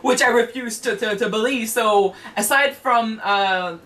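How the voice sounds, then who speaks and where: A woman hosting an anime reaction chat, animated, swearing freely and restarting her sentences. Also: a little high, measured pace, poor audio.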